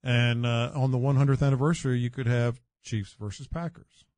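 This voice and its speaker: A man's voice: medium pitch, fairly even intonation, brisk, a little mellow, no room sound. An older man, a sports radio co-host, gives confident predictions and football history, stumbling through fillers as he talks. His voice is close and dry, recorded in a studio. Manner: confident, hesitant fillers, storytelling. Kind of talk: casual sports radio chat.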